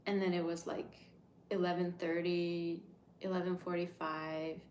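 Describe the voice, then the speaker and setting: A woman in her thirties chatting casually on a livestream, reading comments and swearing freely, with hushed asides. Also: lowish voice, flat delivery, measured pace, a little hiss or hum. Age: 30s. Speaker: livestream host. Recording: echoey room sound.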